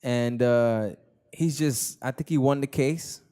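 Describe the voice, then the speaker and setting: A man's voice: mid-range voice, slow, mellow, clean tone. Slangy rambling young man host. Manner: rambling, slangy, repeats himself. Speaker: podcast host. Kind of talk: casual chat.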